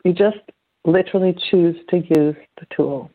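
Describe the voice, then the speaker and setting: A woman's voice: lowish voice, moderate pace. A woman chats freely and tells stories, slipping into acted-out quotes. Her voice comes through thin and narrow, like a phone line. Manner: chatty, animated storytelling with acted-out quotes. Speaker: guest. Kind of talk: casual conversational interview.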